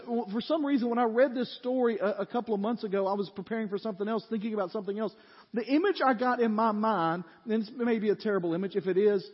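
Male pastor, husky mid-high voice, animated sermon storyteller, long church reverb, dull audio. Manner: animated storytelling, building to loud peaks then dropping low and quiet. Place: church sanctuary.

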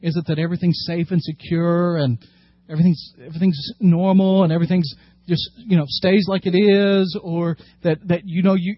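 A man preaching a sermon as pastor, animated when acting out scripture and dropping low and quiet for serious points. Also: no room sound, lo-fi sound. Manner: animated, acts out scripture quotes with rising emphasis.

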